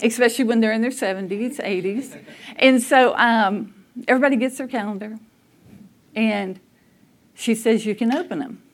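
Animated high-voiced woman storyteller. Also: moderate pace, pauses often. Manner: animated storyteller, laughs often, acts out quotes. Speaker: church speaker telling a family story. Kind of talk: storytelling talk to a church audience.

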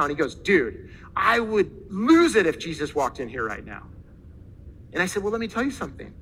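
Male pastor, high bright voice, animated storytelling sermon, faint hiss behind. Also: poor audio. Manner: animated, acts out quoted voices.

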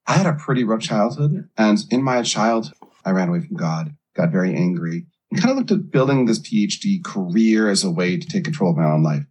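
A man's voice: lowish voice, animated, a little fast, darkish tone, slightly rough. A middle-aged man, a life coach, earnestly telling his own story in an interview.

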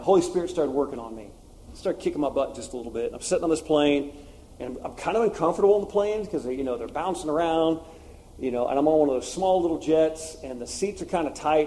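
A man's voice: mid-range voice, dark tone. A man preaching a sermon, telling personal stories in an earnest, confessional way with frequent fillers.

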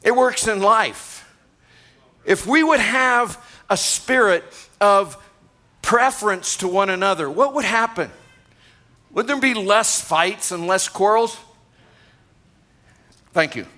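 Bright high-voiced older male pastor preaching. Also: animated, slow, long pauses. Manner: conversational preaching with asides and chuckles. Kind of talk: sermon. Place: church gathering.

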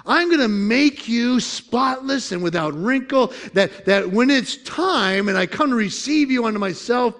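A preacher voicing God as a firm, reassuring figure who makes promises. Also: male voice, very high-pitched, lively intonation, a little slow, hardly any pauses, fairly bright tone, pitched above the performer's own voice, heavily acted.

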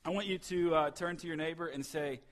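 Male pastor, thirties, sermon in church, loud then hushed, animated storytelling. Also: a little high, fairly quick.

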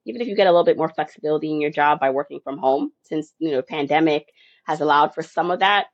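A woman speaks as a podcast guest, unhurried and reflective, talking through her own experience. Her voice comes through a dull, muffled lo-fi line in a very dry, close-miked setting, with no room sound at all. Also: deep voice, dry recording. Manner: reflective, warm storytelling with light laughs. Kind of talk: conversational interview answer. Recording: dry, dull lo-fi remote audio.

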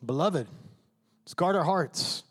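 High-pitched preaching man in a hall. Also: animated, slow, a bit bright, slightly rough. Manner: emphatic preaching, acting out inner voices and prayers. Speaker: pastor. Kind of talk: sermon. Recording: reverberant hall.

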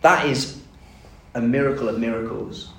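Preacher in an echoey hall. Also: male voice, medium pitch, moderate pace, slight background noise. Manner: conversational, animated storytelling with rhetorical questions. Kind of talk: sermon. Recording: echoey room, mic at a distance.

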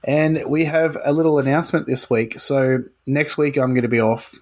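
A man co-hosting a podcast, making casual announcements in a husky voice. He talks in a relaxed way, with the odd um along the way. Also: medium pitch, moderate pace. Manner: relaxed, runs announcements with fillers. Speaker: podcast co-host.

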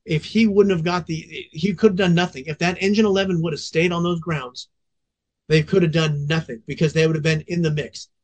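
A man's voice: fairly high pitch, fairly even intonation, brisk. A man in his forties, a veteran fire officer, telling a story on a podcast in an intense, profanity-laced way.

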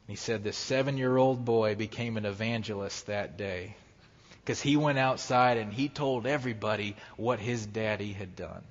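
A man's voice: lowish voice, moderate pace. Preacher man in a reverberant hall. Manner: animated storyteller who acts out quoted voices. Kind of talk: sermon storytelling. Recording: dull sound with long hall reverb.

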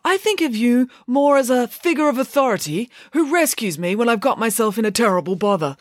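A woman's voice: on the high side, expressive, fairly quick, no echo, studio quality, voice pushed up, close to an everyday voice. A woman voicing a lovestruck, earnest schoolboy. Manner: earnest, bashful, dreamy.

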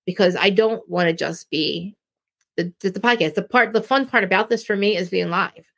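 A woman's voice: mid-range voice, moderate pace, gravelly, fairly bright tone. Blunt rambling woman with a Jersey accent. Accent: New Jersey. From New Jersey. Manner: rambling, blunt, many restarts. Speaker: live-stream podcast host. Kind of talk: casual live-stream chat.

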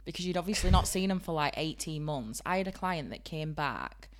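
A young woman with a broad Yorkshire accent, co-hosting a podcast in lively casual chat and laughing often. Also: deep voice, a little fast. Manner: animated, laughs often, bursts loud. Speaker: podcast co-host.

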